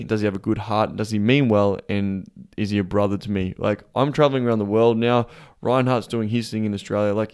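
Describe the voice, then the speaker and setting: A man hosting a podcast, talking casually, blunt and heavily profane, animated when telling stories. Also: lowish voice, clean tone. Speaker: podcast host. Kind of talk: casual conversation.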